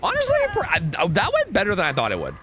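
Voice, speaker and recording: A young man streaming a game, talking casually and swearing as he thinks out loud. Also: high-pitched, very fast, over music. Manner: animated, profane, thinks out loud. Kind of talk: casual live-stream gameplay commentary.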